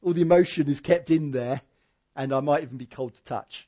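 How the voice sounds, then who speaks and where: A man preaching a sermon in church, swinging from loud emphatic peaks to quiet, low asides. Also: fairly quick. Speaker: pastor.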